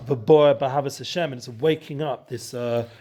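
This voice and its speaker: A man's voice: mid-range voice, steady tone, moderate pace, mellow. A man teaching a Torah study session and hosting the show, talking loosely with many restarts and mixing in Hebrew and Yiddish terms.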